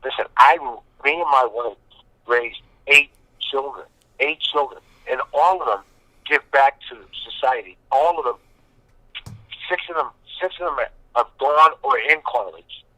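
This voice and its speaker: A man's voice: mid-range voice, a little slow, pushed and bright, no echo, rough recording. A man, a guest in a casual interview, telling long rambling stories with lots of emphatic repetition. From Boston. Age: 50s.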